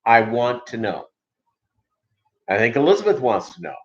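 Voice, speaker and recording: A man's voice: medium pitch, big pitch swings, moderate pace. Male streamer from Minnesota, casual and meandering, lots of "uh", dull lo-fi recording. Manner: rambling, many filler ums and uhs. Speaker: livestream host. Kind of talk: casual livestream chat.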